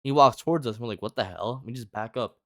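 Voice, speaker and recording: A young man telling a story in casual chat, rambling, swearing a lot and filling every pause with "like". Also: mid-range voice, a bit bright, dry recording, studio quality. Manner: rambling, heavy filler "like", lots of swearing.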